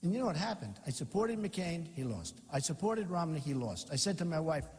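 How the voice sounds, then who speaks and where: A man delivering an improvised campaign rally speech in a large venue, his fairly high voice swooping up and down with lively emphasis. He rambles, repeats phrases and boasts, and the sound trails off in a long hall reverb. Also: brisk. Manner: rambling, repetitive, boastful and mocking. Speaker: political candidate.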